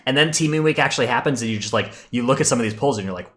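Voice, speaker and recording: A man's voice: mid-range voice, rapid-fire, a bit bright. A man co-hosting a live-streamed gaming podcast in casual chat, talking easily with many fillers and restarts. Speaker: podcast co-host.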